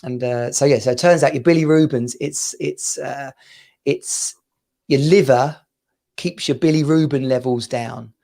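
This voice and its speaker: A man's voice: mid-range voice, measured pace, vocal fry, mellow. A man co-hosting a podcast, telling anecdotes in casual banter and laughing through them. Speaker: podcast co-host.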